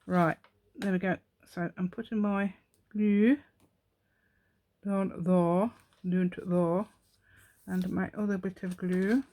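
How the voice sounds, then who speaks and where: Her medium-pitched voice is mellow and slow, with fairly even intonation. Hosting a casual craft tutorial, the woman rambles chattily, thinking aloud and murmuring to herself as she works.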